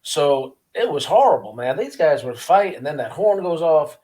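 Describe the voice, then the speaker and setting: A man's voice: on the high side, sing-song, moderate pace, dark tone. Earnest man recounting prison life. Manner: earnest, repeats words, acts out guards' voices. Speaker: guest, former prisoner. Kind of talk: casual interview storytelling.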